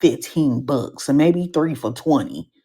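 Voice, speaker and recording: A woman with a very low, gravelly voice hosts a live podcast show. She tells stories in an animated, slangy way and keeps throwing comic asides to the crowd. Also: a little slow. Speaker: podcast host.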